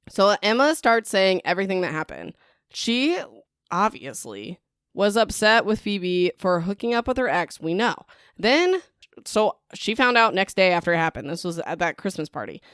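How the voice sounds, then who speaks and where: Young woman, book podcast host; chatty recap style, smooth clear voice, dry close sound. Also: lowish voice, normal speed, no echo. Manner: chatty, lots of "like" and "whatever", excitable asides.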